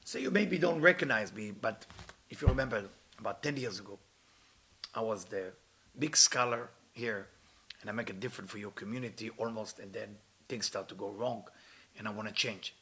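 Gravelly, earnest male preacher. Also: lowish voice, normal speed, bright, forceful tone. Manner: earnest, rising to impassioned pleas; non-native English grammar. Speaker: spiritual teacher. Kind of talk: sermon with storytelling.

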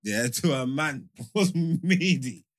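A man, co-hosting a podcast and telling a story in casual chat, animated and full of repeated filler phrases. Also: on the high side, slow pace. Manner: animated, repeats "you know what I'm saying". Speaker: podcast co-host.

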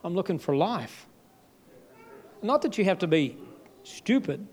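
Guy preaching a sermon, fairly high voice, punchy, jumps loud then goes soft. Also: very animated, unhurried. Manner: emphatic, with sudden jumps and drops in pitch and loudness.

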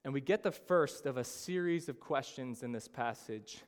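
A man's voice: mid-range voice, moderate pace. A man preaching a sermon, reading scripture with earnest drama and acting out frightened voices. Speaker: pastor. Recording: long hall reverb.

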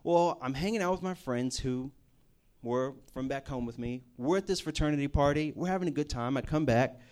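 A man's voice: mid-range voice, a little fast, darkish tone. A man preaching a personal testimony, telling it as a casual story with jokey asides. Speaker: campus ministry speaker.

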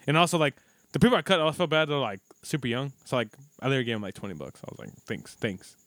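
A man's voice: medium pitch, very animated, racing, fairly bright tone, no echo. A man co-hosting a casual podcast chat, rambling and swearing as he tells stories and acts out what people said. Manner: profane, rambling storyteller, acts out quotes. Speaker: podcast co-host.

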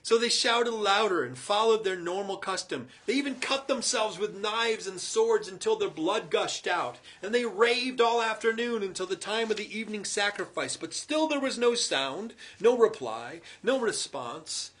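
A man preaching a sermon, retelling a story dramatically with chuckling asides and loud, emphatic quoted lines. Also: sits high, animated, normal speed, hardly any pauses.

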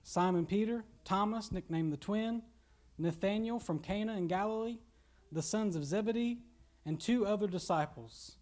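Young kentucky man, high voice, relaxed joking preacher. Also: moderate pace. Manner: casual, joking preaching with laughs and asides. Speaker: pastor. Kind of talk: sermon.

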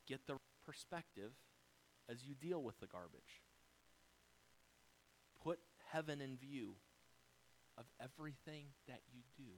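A man's voice: mid-range voice, animated, measured pace, pauses often, poor audio. An American pastor delivering a sermon to his congregation, moving through numbered points and speaking directly to his listeners. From United States. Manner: dynamic preaching, rising loud then dropping soft.

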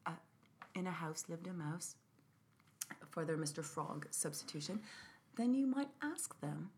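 A woman music teacher talking in an interview, animated, acting out chants and dropping to a whisper to show quiet singing. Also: lowish voice, unhurried, pauses often, a little hiss or hum.

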